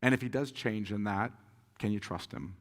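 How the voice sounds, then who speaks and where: A pastor answering audience questions at a conference, telling stories with lively acted-out quotes and frequent laughter. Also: male voice, lowish voice, normal speed, in a large hall. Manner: animated storyteller, acts out quotes, laughs often. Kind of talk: conference Q&A talk.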